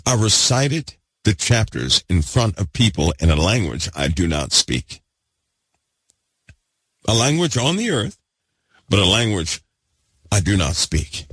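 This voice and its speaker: A man preaching a fervent sermon, repeating himself and swinging between loud bursts and hushed asides. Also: lowish voice, sing-song, unhurried, pauses often, husky, dry recording.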